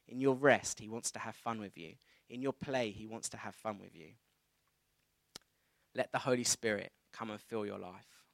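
A man in his thirties preaching a sermon, telling a personal story in a conversational, animated way. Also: fairly low pitch, moderate pace, gravelly, no echo. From England.

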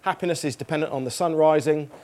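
A man's voice: a little high, quick pace, a little mellow. A man preaching a sermon in church, earnest and emphatic, repeating phrases and reading scripture aloud.

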